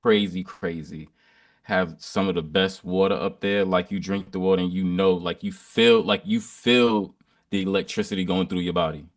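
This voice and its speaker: A man talking in a casual chat, halting with many ums and repeated words, trailing off quietly. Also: deep voice, fairly even intonation, dry recording. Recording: distant from the mic.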